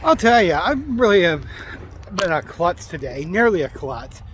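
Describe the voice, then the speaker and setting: A man's voice: sits high, very animated, normal speed, a little hiss or hum. Ranting man outdoors. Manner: grumbling, sarcastic ranting. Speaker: vlogger. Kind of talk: casual outdoor vlog rant. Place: outdoors in a town, near traffic.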